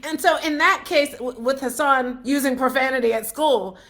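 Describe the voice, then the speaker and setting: A middle-aged woman talking casually to the camera, telling a school story with lively retold quotes and checking in with the listener as she gives parenting advice. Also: high voice, normal speed. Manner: animated storytelling, laughs often, acts out quotes; repeats questions to the listener. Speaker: parent vlogger giving advice.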